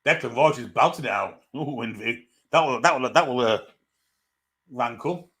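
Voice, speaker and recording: A man's voice: mid-range voice, normal speed, a bit bright. A man hosting a live stream, chatting through a football match as it unfolds. He greets viewers one by one and reads out their comments in an easy, casual way.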